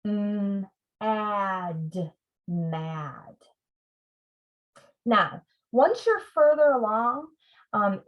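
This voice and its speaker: Slow, patient woman tutor sounding out words. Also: medium pitch. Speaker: reading tutor leading a parent workshop. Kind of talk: teaching demonstration. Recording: dull lo-fi sound.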